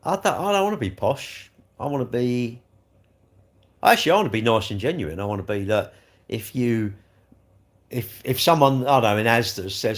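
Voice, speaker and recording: A man's voice: mid-range voice, animated, fast talker. A man, hosting a live stream and rambling jokily as he answers viewers' comments. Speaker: livestream host reading chat. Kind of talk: casual live chat.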